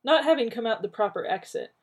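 A woman reading a story aloud in an expressive way, with a creaky, husky voice. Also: a little high, fast. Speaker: reader.

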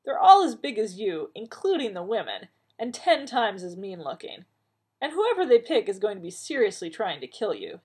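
A woman reading aloud, voicing a blunt, steady man leading a team, with firm, urgent warnings. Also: mid-range voice, normal speed, husky, pitched above the performer's own voice.

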